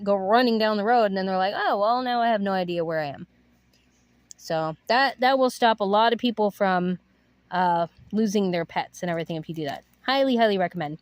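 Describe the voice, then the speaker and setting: A woman who runs an animal rescue chats casually, offering upbeat tips on training dogs in a chatty manner full of fillers. Her voice is medium in pitch, and the recording is dry.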